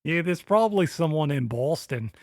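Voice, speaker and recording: A man's voice: a little high, expressive, moderate pace, a little mellow, no room sound, studio quality. A man co-hosting a podcast in a casual, joking chat, teasing his partner and trying out accents. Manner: playful, teasing, tries out accents. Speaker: podcast co-host.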